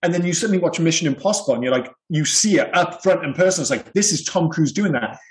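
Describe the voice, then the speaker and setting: A man's voice: on the high side, lively intonation, fast, poor audio. A man co-hosting a podcast, talking in an enthusiastic, rambling way and laughing often. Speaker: podcast co-host. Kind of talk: casual chat.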